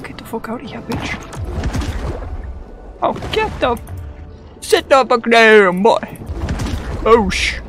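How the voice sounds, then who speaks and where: A young man with a high voice delivers goofy, excitable let's-play commentary as a gamer. He swears freely and talks to the characters on screen.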